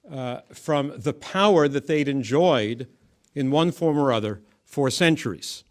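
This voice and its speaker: A man giving measured, emphatic political commentary, often restarting his phrases. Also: a little high.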